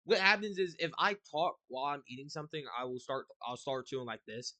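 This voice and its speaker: A man's voice: on the high side, expressive, quick pace, pushed and bright, dry recording. A young man giving casual, slangy reaction commentary, exclaiming and joking. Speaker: reaction streamer.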